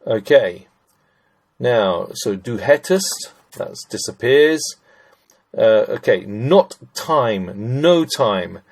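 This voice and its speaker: Middle-aged man, language teacher, unhurried, chatty, thinking aloud, talks to ladies and gents. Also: on the low side, animated, gravelly. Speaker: German teacher. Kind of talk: screen-recorded grammar lesson.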